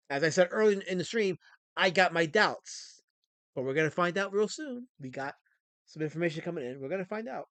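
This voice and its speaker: A man's voice: a little high, fairly bright tone, no echo. A man hosting a livestream, chatting casually and ranting with frequent restarts. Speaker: stream host.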